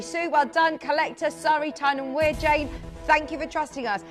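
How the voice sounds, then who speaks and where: A woman's voice: high voice, moderate pace, faint music behind. A woman presenting live on a shopping channel, chatty and upbeat, calling out buyers' names. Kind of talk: live TV sales pitch.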